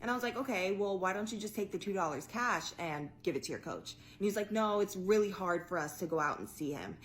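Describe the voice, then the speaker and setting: Woman spilling a story, swearing a lot, lively, faint hiss behind. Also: medium pitch, fairly quick. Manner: animated, profane, laughs through her story. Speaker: guest storyteller. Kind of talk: storytelling to camera.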